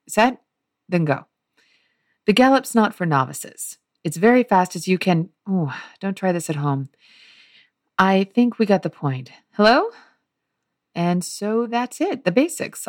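A woman's voice: low-pitched, dry recording, studio quality. A woman reading a wry young man. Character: wry young man addressing a theatre audience. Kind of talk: dramatic reading of a play.

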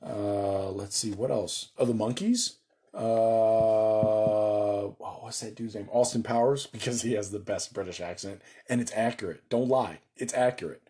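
An American man talking casually through a solo tabletop game, excited, joking and swearing freely. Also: on the low side, normal speed, few pauses. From United States.

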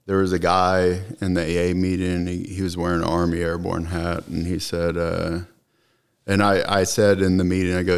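A middle-aged man earnestly recounting his recovery story in conversation, halting with many fillers. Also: low-pitched, creaky. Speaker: podcast guest.

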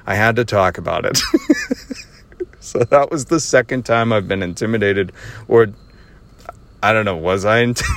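A man hosting his own podcast, telling a casual story with a lot of sarcasm and frequent laughter, recorded while driving. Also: mid-range voice. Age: adult with children. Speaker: podcast host. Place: driving in a car.

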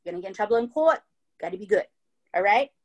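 A woman voicing a calm, easygoing young Australian man, speaking in a laid-back and reassuring way. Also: medium pitch, quick pace, natural voice. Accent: Australian, put on.

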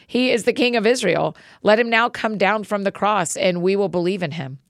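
A woman voices a crowd of mocking men, taunting them in a scornful tone at a pitch above her own voice, though still close to an everyday voice. Her voice is medium-pitched at a moderate pace, recorded dry with clean studio sound.

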